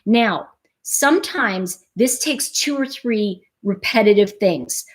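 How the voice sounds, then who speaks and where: A woman's voice: medium pitch, lively intonation, takes it slowly. A woman hosting a casual explanatory monologue, talking animatedly and explaining things through acted-out everyday scenarios. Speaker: host.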